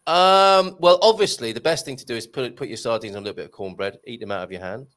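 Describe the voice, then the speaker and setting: A man's voice: mid-range voice, fast talker. A man hosting a live-stream chat, joking and poking fun at himself as he reads out viewer questions. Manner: joking, self-mocking, lively banter. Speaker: show host.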